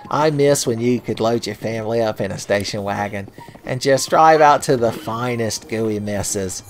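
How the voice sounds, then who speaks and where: A man's voice: fairly low pitch, normal speed. A man giving casual, joking commentary over a video game, swearing freely and breaking into laughter. He talks into a home microphone set close. Faint game music plays underneath. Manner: profane, joking, laughs often. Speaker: let's play host. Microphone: home mic, close.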